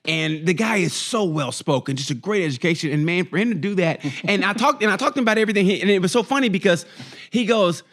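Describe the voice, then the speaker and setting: A man talks quickly in a slightly high voice as he co-hosts a casual podcast chat. He tells his stories with animation, swears freely and acts out the voices of people he quotes. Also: expressive, fairly bright tone. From United States. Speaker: podcast co-host.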